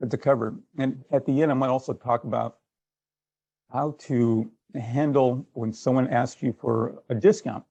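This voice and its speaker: A man's voice: medium pitch, fairly even intonation, measured pace, gravelly, a little mellow, slightly rough, dry recording, lo-fi sound. A man giving a sales training workshop, conversational, acting out little exchanges as he goes. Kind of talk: workshop talk.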